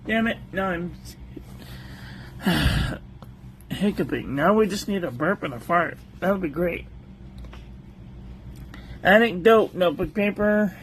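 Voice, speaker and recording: A man with a high, animated voice reviews stationery on a livestream, listing paper qualities in short, clipped phrases. He takes his time, pausing often and chatting with live viewers between items. There's slight background noise.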